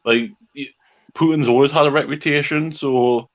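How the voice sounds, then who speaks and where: A man's voice: a little high, steady tone, moderate pace. Man hosting a live stream, rambling and opinionated; muffled lo-fi sound. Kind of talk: casual live stream chat.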